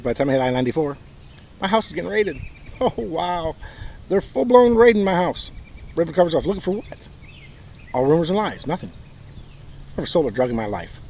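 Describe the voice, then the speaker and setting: A man's voice: fairly high pitch, darkish tone, slight background noise, rough recording. A man with a Michigan accent telling his own story in an aggrieved, bitter, emphatic monologue. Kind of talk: personal monologue.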